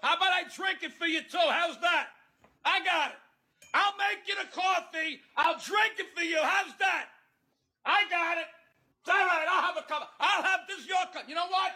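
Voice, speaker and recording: Man doing a frantic coffee pusher, high and bright, shouty and repetitive. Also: normal speed, heavily acted. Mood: manic shouting.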